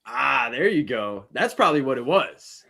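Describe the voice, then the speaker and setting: A man's voice: mid-range voice, sing-song, moderate pace, creaky, pushed and bright, breathy edge. A man hosting a live sports betting show, chatting casually and greeting viewers in the chat. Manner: rambling, upbeat, greets chat viewers by name.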